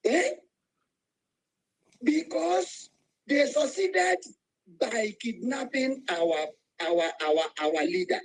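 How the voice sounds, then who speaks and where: A man's voice: very high voice, animated, extremely slow, long pauses, a little hiss or hum, low-quality recording. A man with a Nigerian Igbo accent giving an angry, emotional speech to an online voice room, calling out to listeners. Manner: emotional, angry, preaching, rising to cries. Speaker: speaker in an online activist voice room.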